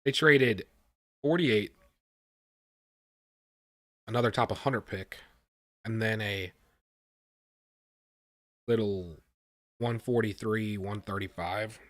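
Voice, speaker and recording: A man hosting a live stream, reacting with excitement and talking to his chat, often repeating himself. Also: lowish voice, takes it slowly, long pauses, dry recording. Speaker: livestream host reacting to a draft.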